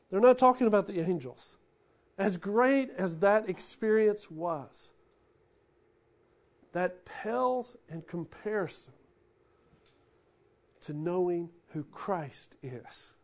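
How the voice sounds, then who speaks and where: Man, pastor, high voice, animated sermon delivery, loud bursts and hushed lines.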